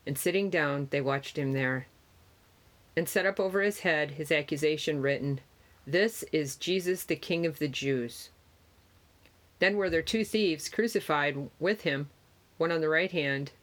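A scripture reader with a mid-range voice reads a Gospel passage in archaic wording. The delivery is steady and measured, with a few small stumbles.

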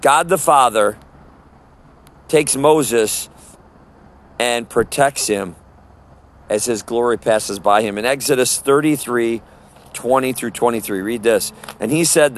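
A man's voice: mid-range voice, measured pace. A man preaching on the street, earnest and emphatic, quoting scripture.

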